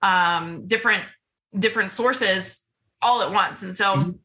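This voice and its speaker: Bright-voiced woman, chatty and eager. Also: mid-range voice. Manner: fast, enthusiastic, repeats words for emphasis. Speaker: podcast guest. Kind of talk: casual interview chat.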